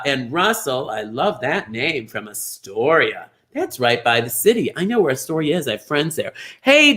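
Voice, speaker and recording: A middle-aged man hosting a live online bingo show, gushing over viewers' names with sudden high squeals. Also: pushed and bright. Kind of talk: live-streamed chatty greetings to viewers.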